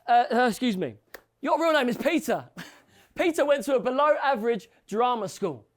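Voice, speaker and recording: A man's voice: extremely high pitch, expressive, normal speed, long pauses. A man delivering joking, mocking rap battle verses at a live event, laughing at his own lines. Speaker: battle rapper.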